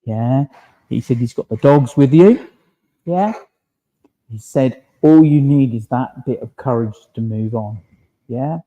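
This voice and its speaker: A man working as a medium in a church service, gently relaying spirit messages and checking in with a questioning "yeah?" after nearly every phrase. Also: medium pitch, unhurried, long pauses, lo-fi sound. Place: village hall.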